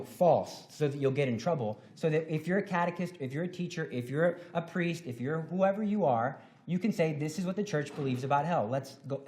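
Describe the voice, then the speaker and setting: Conference speaker: a man with a slightly high voice, earnest and animated, who pushes his points hard. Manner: animated, jumps to loud emphatic bursts; earnest and exhorting. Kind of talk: devotional talk at a symposium.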